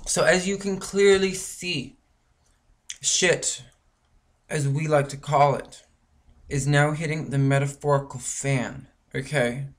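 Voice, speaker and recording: A man's voice: fairly high pitch, fairly even intonation, takes it slowly. A man from Canada ranting angrily in a rambling vlog monologue, full of swearing and filler words. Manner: frustrated, profane, rambling with many fillers. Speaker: vlogger.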